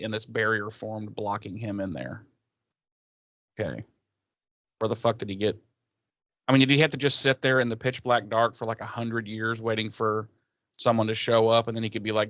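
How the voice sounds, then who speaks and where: A man's voice: lowish voice, normal speed, a bit bright, no room sound, lo-fi sound. A man co-hosting a podcast, talking in a loose, rambling, joking way. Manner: rambling, joking, slips into mock voices. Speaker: podcast co-host. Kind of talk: casual chat.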